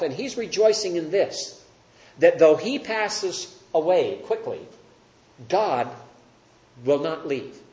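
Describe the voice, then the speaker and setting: A man's voice: fairly high pitch, a little mellow. A man teaching a Bible study class, earnest and emphatic, asking the group questions. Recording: roomy echo.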